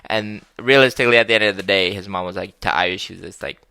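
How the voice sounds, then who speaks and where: A man's voice: sits low, quick pace, gravelly, bright, forceful tone, clear, resonant tone, dry recording. A young man hosting a podcast, telling a story in a casual, joking way and swearing offhandedly. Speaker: podcast host.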